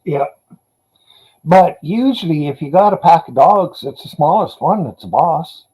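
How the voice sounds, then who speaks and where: A man's voice: on the high side, animated, measured pace, dark tone, slightly rough, low-quality recording. A man in casual chat, telling dog stories in a laid-back, profane way.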